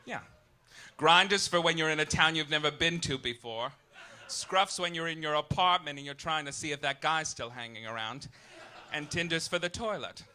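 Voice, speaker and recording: A man in his thirties hosting a live stand-up monologue on a club stage, campy and arch, with sudden loud outbursts. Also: fairly high pitch, normal speed. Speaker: comedic host.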